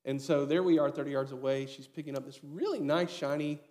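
A man in his thirties preaching a sermon, telling a story with lively acted-out dialogue. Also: on the high side, a little fast. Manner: storytelling, animated, acts out quoted dialogue. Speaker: pastor.

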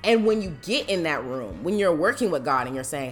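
A woman's voice: sits low, lively intonation, fairly quick, hardly any pauses, faint music behind. A woman giving a casual motivational talk about faith, emphatic and preachy, acting out the voices she quotes. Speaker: motivational speaker.

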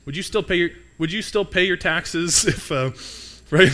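A young preacher with a high-sitting voice and sharp tone speaks at a moderate pace, keeping his sermon casual and chatty as he questions the congregation and jokes with listeners.

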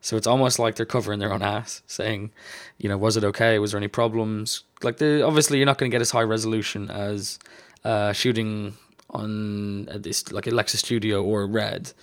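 A man's voice: fairly low pitch, fairly even intonation, normal speed. A man, a colorist, talking casually and enthusiastically in a podcast chat, with lots of "like" and "um".

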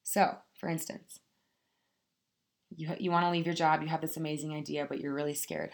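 Frank, profane woman with a lowish voice. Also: flat delivery, normal speed, vocal fry. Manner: frank, profane, addresses listeners as "you guys". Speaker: motivational speaker. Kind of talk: casual motivational talk.

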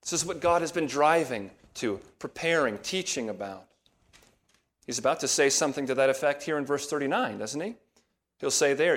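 A man delivering an expository sermon, walking his listeners through a passage verse by verse. His tone is measured and patient, rising to stress the words that carry the point. His voice sits in an ordinary middle register. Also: medium pitch, a bit bright. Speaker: pastor.

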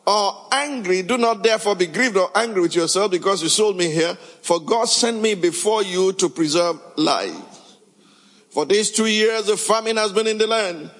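A man preaches a sermon in a high, bright register. He reads scripture aloud, then turns to his listeners with pointed questions. His voice carries a long hall reverb. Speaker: pastor.

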